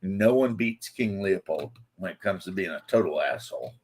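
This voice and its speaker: A man's voice: low voice, expressive, moderate pace, breathy edge. A man hosting a casual podcast chat, rambling and laughing as he talks. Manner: rambling, laughs often, loose fillers. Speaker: podcast host.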